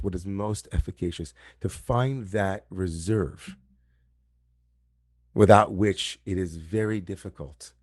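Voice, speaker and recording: A man's voice: sits low, dark tone, no room sound, studio quality. A man giving a reflective sermon as a rabbi at an online service, speaking over a video call and repeating key phrases for emphasis.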